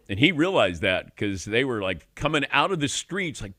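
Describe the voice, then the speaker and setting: A man's voice: very animated, normal speed, hardly any pauses, fairly bright tone, no echo. A male sports radio host telling stories in casual studio chat, acting out quotes. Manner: storytelling, acts out quotes with big pitch jumps. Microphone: studio microphone.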